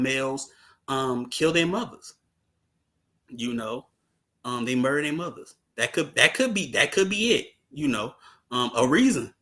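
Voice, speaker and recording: A man co-hosting a ministry podcast, talking in a halting way with repeated words and fillers. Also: medium pitch, pushed and bright. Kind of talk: casual chat.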